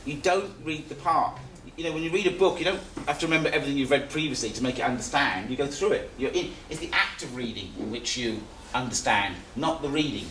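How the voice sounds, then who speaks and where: A man's voice: medium pitch, quick pace, hardly any pauses, pushed and bright, distant mic. A man teaches a live seminar, talking in a loose, conversational way and restating his points. He is recorded from across an echoey room. A faint hiss sits under his voice. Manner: repetitive, conversational, restarts phrases.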